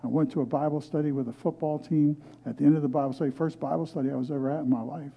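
Rapid-fire and steady in tone, this older guest pastor has a fairly high, creaky, slightly rough voice, recorded in lo-fi sound. He tells his own story as sermon testimony in a movie theater used as a church, earnest and storytelling, restarting frequently.

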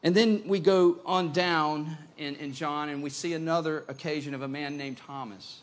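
A man preaching a sermon as pastor, conversational and animated, often repeating words as he goes. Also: on the high side, moderate pace.

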